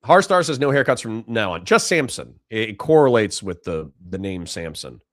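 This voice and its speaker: A man's voice: fairly low pitch, sing-song, normal speed, no echo, studio quality. Ranting, profane male livestreamer. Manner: profane, ranting, swings between yelling and muttered apologies. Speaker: livestream host reading super chats. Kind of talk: heated livestream commentary.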